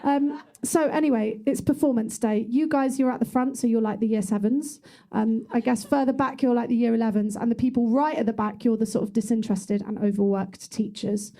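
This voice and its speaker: A woman's voice: fairly high pitch, steady tone, a little fast, hardly any pauses, mellow. A young woman doing musical stand-up comedy, chatty and self-mocking, speaking into a handheld wireless mic in a small club. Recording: live room recording with music and crowd.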